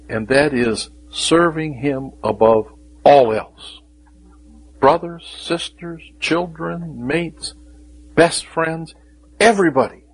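A man preaching a sermon, with dramatic pauses and emphatic rising questions, sometimes dropping to a whisper. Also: mid-range voice, husky, poor audio.

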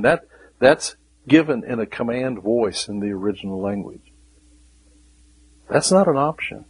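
A man preaching a sermon, earnest, repeating key words and dropping to a hushed voice when quoting scripture. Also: mid-range voice, slightly rough, poor audio.

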